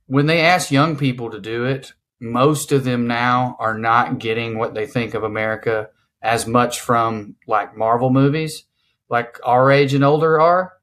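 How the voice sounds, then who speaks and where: A man's voice: mid-range voice, fairly bright tone. A man hosting a podcast, explaining things in a rambling way full of "like". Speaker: podcast host. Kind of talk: casual podcast chat.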